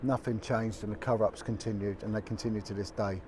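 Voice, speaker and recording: A man's voice: on the low side, steady tone, quick pace, noisy background. Blunt, indignant man. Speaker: former detective turned video blogger. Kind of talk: impassioned direct-to-camera update.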